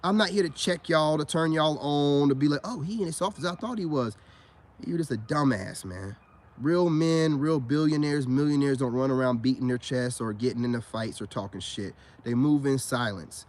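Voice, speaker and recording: A man's voice: mid-range voice, moderate pace, darkish tone. A middle-aged man ranting in a profane, boastful monologue full of street slang. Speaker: online commentator.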